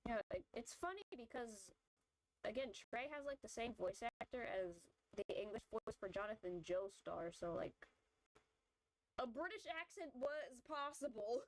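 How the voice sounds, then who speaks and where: A woman's voice: a little high, expressive, measured pace, slight background noise, rough recording. Chatty woman rambling her opinions. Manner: rambling, filler-heavy opinion talk. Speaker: vtuber streamer. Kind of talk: casual chat while drawing.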